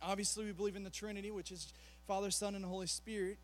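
A man preaching a sermon as a youth pastor, animated, with rapid asides between slow, emphatic phrases. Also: sits high, a little hiss or hum. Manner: animated, acts out quotes in a mocking voice.

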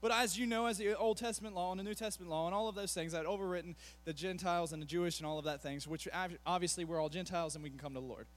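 A man preaching a sermon as a youth pastor, animated, with rapid asides between slow, emphatic phrases. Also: sits high. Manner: animated, acts out quotes in a mocking voice.

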